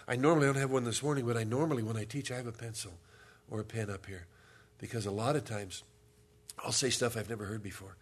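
A man's voice: mid-range voice, fast. Pastor, man, casual humorous sermon delivery, mid-range voice. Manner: conversational, humorous storytelling.

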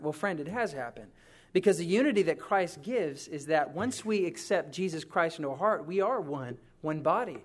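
A pastor preaching a conversational sermon, moving between hushed, intimate passages and emphatic, rising ones. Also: male voice, high voice, animated, moderate pace.

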